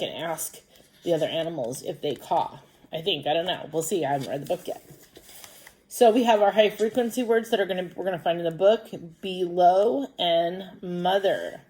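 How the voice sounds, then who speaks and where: A woman's voice: lowish voice, warm tone. A woman teaching a first grade lesson by video, patiently explaining reading and math step by step for young children. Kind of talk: recorded distance-learning lesson.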